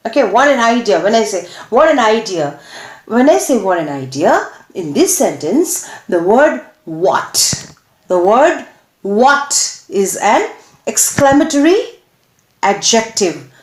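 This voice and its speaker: Lively Indian English woman teaching grammar. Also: mid-range voice. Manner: halting, many fillers, asks rhetorical check questions. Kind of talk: classroom grammar lesson. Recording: echoey room.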